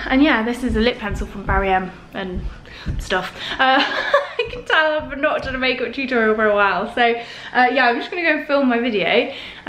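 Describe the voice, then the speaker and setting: A woman's voice: on the high side, fairly bright tone. A young British woman, a lifestyle vlogger, chatting to camera in a bubbly, gushing way with plenty of fillers. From United Kingdom.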